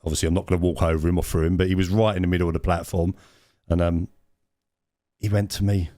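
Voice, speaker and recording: A man's voice: low-pitched, fairly even intonation, fast talker, mellow, no room sound, clean studio sound. A man, co-hosting a podcast and telling a rambling anecdote with many restarts. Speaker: podcast co-host. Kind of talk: casual storytelling chat.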